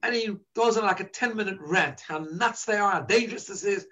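A man with a fairly high voice gives a relaxed spiritual lecture to a gathered audience. He teaches through stories and keeps checking in with a quick "right?". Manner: storytelling, frequent "right?" checks. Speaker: religious teacher. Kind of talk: informal lecture to a live audience.

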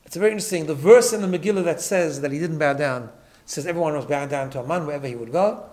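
A man's voice: a little high, rapid-fire, darkish tone. A man teaching a Torah class, emphatic, often repeating words and checking in with "right?". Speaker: rabbi.

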